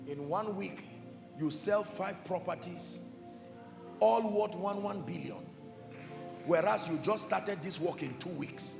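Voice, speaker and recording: A fervent male preacher with a high, lively voice that carries a gravelly edge. His sermon rings through a large, echoing hall with long reverb, and music plays underneath. He talks emphatically, rising to shouts and then falling to hushed tones. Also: takes it slowly, long pauses. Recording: echoey hall with music behind. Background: soft music.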